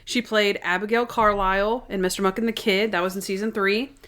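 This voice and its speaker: A woman co-hosting a podcast, chatting casually in a rambling recap full of quick asides. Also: medium pitch, fairly even intonation, fairly bright tone. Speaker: podcast co-host. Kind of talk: casual chat.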